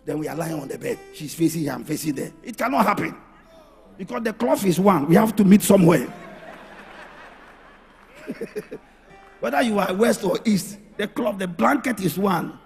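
A middle-aged pastor preaching with a raspy, gravelly voice pitched high for a man. He swings between hushed, intimate asides and full shouts. He is recorded in a reverberant hall with faint music underneath. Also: expressive, normal speed, long pauses. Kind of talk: sermon.

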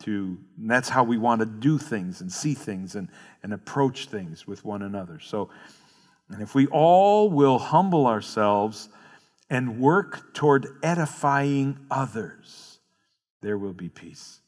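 A man's voice: medium pitch, animated, slow pace, a little mellow. A male pastor preaching a sermon, earnestly explaining verses and repeating key phrases. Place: church sanctuary. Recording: long hall reverb.

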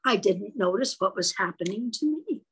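A woman's voice: medium pitch, lively intonation, normal speed, a bit bright, breathy edge. A woman voicing a curious, eager little male pollywog in a children's storybook. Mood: puzzled.

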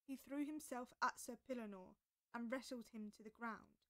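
A woman narrating a storybook aloud with expressive delivery. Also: fairly high pitch, normal speed.

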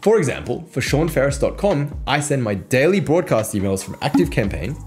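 A brash man hosting a casual explainer video, joking and swearing as he walks through an analogy. His pitch jumps around a lot as he tells the story. Faint guitar music plays behind him. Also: sing-song, a little fast, a little mellow. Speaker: copywriting coach, video host.

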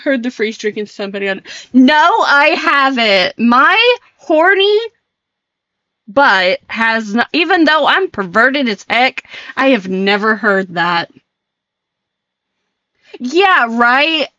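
Giggly woman streamer, casual stream chat, bright forward tone, fairly high voice. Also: animated, takes it slowly, dry recording, muffled recording. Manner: giggly, flustered, laughs often.

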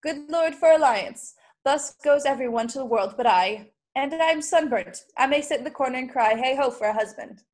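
A witty, sharp-tongued young noblewoman, played by a teenage girl, tossing off quick mocking wordplay. The voice sits high. It comes through a home video call for a school Shakespeare play. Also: lightly acted. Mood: teasing. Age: late teens. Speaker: student actor.

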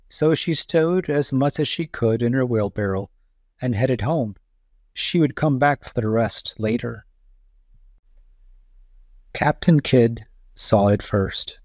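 Slow, careful male storybook narrator. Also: medium pitch, a little mellow, no echo. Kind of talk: children's read-aloud narration. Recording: dry voice-over with faint music.

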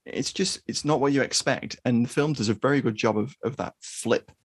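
A man co-hosting a film podcast, talking through a war film in a measured, thoughtful way. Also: mid-range voice, husky, dry recording. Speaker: podcast co-host. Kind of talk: casual film discussion.

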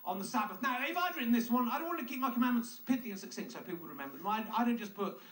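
A man with a very high, bright voice delivers a sarcastic, mocking comedic monologue. He nitpicks as he goes. The voice is heard from a distance in an echoey room with faint noise. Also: lively intonation, very fast.

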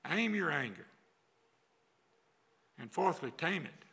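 An older pastor with a drawl preaches in a church sanctuary, his voice gravelly and a bit husky. The tone is bright and tense, and he drives his points home with folksy repetition. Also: on the high side, big pitch swings, slow pace. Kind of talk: sermon.

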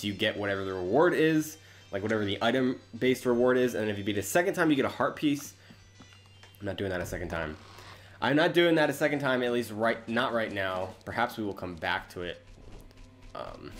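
A man giving casual, self-deprecating commentary while playing a video game, thinking aloud as he goes. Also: on the low side. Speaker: let's play host. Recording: game music behind voice.

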